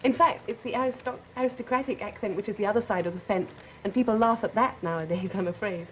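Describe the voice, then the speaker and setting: A woman's voice: medium pitch, a little hiss or hum, poor audio. A teenage girl from England with an English accent, speaking articulately as a student panelist. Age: teens. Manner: quick, articulate.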